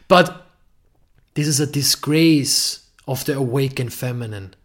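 A man's voice: mid-range voice, measured pace, a bit bright. A man hosting a podcast, giving an earnest relationship-coaching monologue and swearing freely for emphasis.

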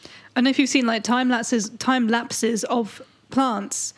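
A woman's voice: fairly high pitch, a little slow. Chatty woman with a raised voice. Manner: laughs often, chatty and animated. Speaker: podcast co-host. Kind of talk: casual chat.

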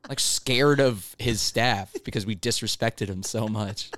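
A man's voice: on the low side, a little slow, a bit bright, dry recording. A young man in casual chat, telling work stories with profanity and quoted voices.

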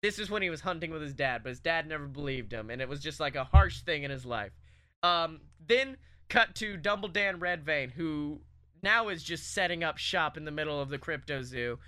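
A man co-hosting a comedy podcast, rambling excitedly as he pitches a made-up movie plot, with lots of ums, swearing and laughter. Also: normal speed, clean tone. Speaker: podcast co-host.

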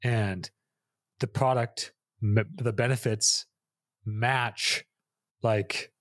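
A man's voice: lowish voice, fairly even intonation, very slow, a bit bright, no echo, clean studio sound. A man co-hosting a podcast, explaining his points in a casual, reflective way. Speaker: podcast co-host. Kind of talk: casual chat.

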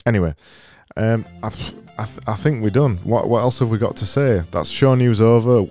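A man's voice: lowish voice, moderate pace, mellow, faint music behind. A man hosting a casual solo podcast, reading out listener messages with dry, self-mocking humour. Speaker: podcast host.

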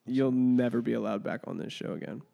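A man's voice: mid-range voice, a little fast, creaky, dull audio. A man hosting a casual podcast, joking loosely and swearing freely. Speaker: podcast host.

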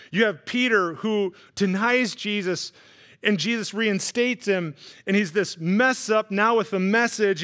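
A man gives a sermon as a visiting pastor, his voice pitched high and ringing bright. He tells his stories with animation and slips into voices for the people in them. It sounds like a church service. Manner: animated storytelling with acted-out voices. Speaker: guest pastor. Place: church sanctuary.

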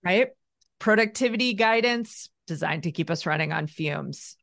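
A woman guest on an interview podcast speaks with a slightly low voice. She is measured and thoughtful, building her points and putting weight on key phrases. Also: expressive, creaky, a bit bright. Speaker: author guest. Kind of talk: casual conversational interview.

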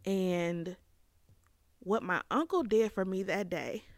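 A woman in her thirties telling a reflective personal story as a podcast host, with fillers and pauses. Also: medium pitch, no echo, studio quality. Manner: reflective, tearful at times, with fillers.

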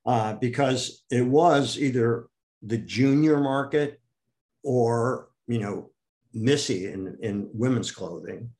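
An older man from the United States is being interviewed and tells long, winding stories. He jumps into the voices of the people he quotes, raising his pitch for the punchlines. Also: takes it slowly. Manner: animated, acts out quoted people with raised pitch. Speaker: interview guest. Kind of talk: storytelling in an interview.

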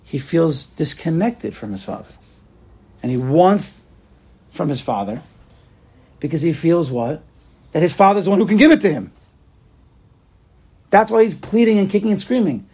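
Man, Torah class teacher, husky, slightly high voice, animated text chanting. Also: normal speed, long pauses. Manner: animated, sing-song reading of Hebrew and Aramaic text. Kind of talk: Talmud and Chassidus class.

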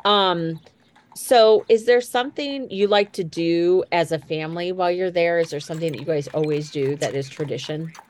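A woman's voice: lowish voice, normal speed. A woman from Indiana hosting a casual chat and asking a guest follow-up questions. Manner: chatty, interviewing with follow-up questions. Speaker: podcast host.

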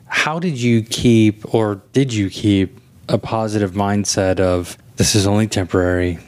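A man hosting an interview, asking gentle, probing questions in conversation. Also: on the low side, measured pace. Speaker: interview host.

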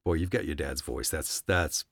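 A man who narrates audiobooks, chatting casually as a podcast guest in an animated, talkative way. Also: rumbling low, moderate pace, vocal fry, dry recording, studio quality. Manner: animated, chatty, warm reminiscing. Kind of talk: casual interview chat.

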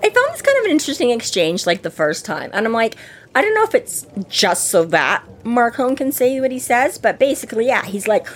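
A woman's voice: fairly high pitch, sing-song, brisk, breathy edge. Giggly woman chatting about a book. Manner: laughs often, acts out characters' lines in quotes. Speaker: podcast co-host. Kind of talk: casual book discussion chat.

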